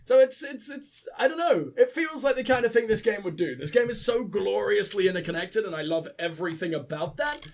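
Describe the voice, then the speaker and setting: A man's voice: sits high, expressive, brisk, gravelly, hardly any pauses. A young man with sniffles, commentating his gameplay in a profane, rambling, joking way. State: sick with sniffles. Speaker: let's play host.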